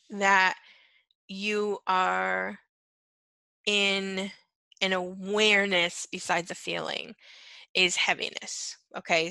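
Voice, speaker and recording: A woman's voice: medium pitch, gravelly, bright, forceful tone, dry recording, poor audio. A woman teaching on empathy in an earnest monologue, repeating key phrases and checking in with "right?" and "okay". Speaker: empath coach.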